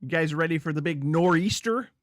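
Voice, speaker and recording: A man with a slightly high voice and brisk pace streams a game, chatting casually with viewers as he thinks aloud about what he's doing. The studio-quality recording has no room sound.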